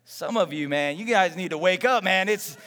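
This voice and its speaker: A man from Texas preaching a sermon in a conversational, animated way, acting out everyday voices. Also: high-pitched, moderate pace, big-room sound. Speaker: pastor.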